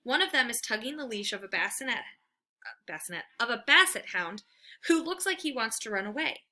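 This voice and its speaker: A woman reading a children's storybook aloud, animated and expressive. Her voice is fairly high and very bright, and it rises and falls a lot from line to line. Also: a little fast.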